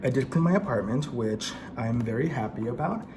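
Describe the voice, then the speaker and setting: A man's voice: mid-range voice, animated, a little fast, noisy background. A young man chatting casually to camera while eating at home, swearing, laughing at himself and now and then a little out of breath. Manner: chatty, swearing, self-mocking, laughs often. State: slightly out of breath. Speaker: vlogger. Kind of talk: casual mukbang vlog chat. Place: home apartment, indoors. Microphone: camera set in front.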